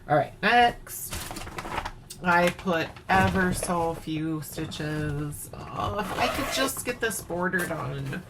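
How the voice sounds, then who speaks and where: Low-voiced Upper Midwest woman, slow and chatty. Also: lively intonation, very noisy. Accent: Upper Midwest American. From Wisconsin, USA. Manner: chatty, playful, sings snatches of songs. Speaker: cross-stitch vlogger. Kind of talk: casual show-and-tell chat. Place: home at night.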